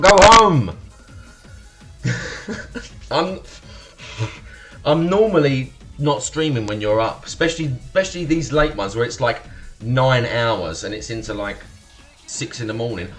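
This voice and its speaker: A man's voice: mid-range voice, very animated, moderate pace, faint music behind. Chatty Essex-accented man streaming. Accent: Essex estuary English. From Essex, England. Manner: chatty and swearing, thanking followers, laughs often. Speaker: livestream host. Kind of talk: casual live-stream chat with viewers.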